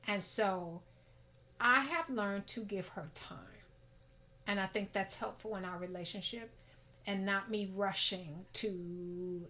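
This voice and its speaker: A middle-aged woman guest in a casual interview, talkative and reflective, breaking into laughter. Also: slow pace. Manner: talkative, reflective, laughs and pitch jumps when excited.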